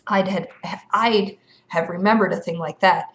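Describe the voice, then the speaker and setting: A woman voicing a cheeky thirteen-year-old shepherd boy from a storybook, full of gleeful wordplay and sly mock-innocence. He twists every question into a riddle and clearly enjoys it. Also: medium pitch, fairly even intonation, moderate pace, lightly acted. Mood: teasing.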